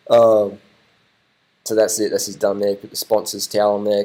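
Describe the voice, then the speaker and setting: A man talks over race footage in a loose, rambling way. His voice sits on the low side, and he gets excited, swears casually and keeps repeating himself as he reacts. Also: takes it slowly, gravelly, long pauses, poor audio. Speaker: vlogger commenting on race footage. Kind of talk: casual live commentary over video.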